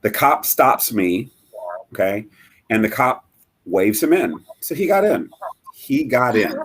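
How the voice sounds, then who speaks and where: A middle-aged man telling a personal story as a guest in a live interview, halting and earnest, with many fillers and restarts. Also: mid-range voice, very animated, fairly bright tone, breathy edge. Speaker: guest, bereaved father.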